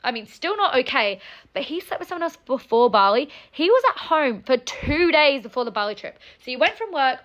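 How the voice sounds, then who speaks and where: Young woman, fuming, swearing, higher voice, casual storytime. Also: fairly bright tone, highs cut off. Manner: angry, fast, swears a lot, many "like"s. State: upset, fuming.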